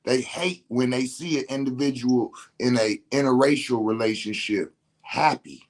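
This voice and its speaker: Male host, ordinary pitch, venting emphatically in loose slang. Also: normal speed. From Detroit. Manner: emphatic, slangy, repeats himself. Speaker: podcast host. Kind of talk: casual spiritual rant.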